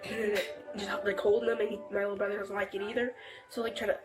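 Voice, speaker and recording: A teenage girl inside her family home telling a deputy what happened, halting and rambling with many fillers and restarts, picked up by an officer's body camera. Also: medium pitch, little pitch movement, over music, poor audio. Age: teens. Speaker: family member reporting to deputy. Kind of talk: recounting events to police.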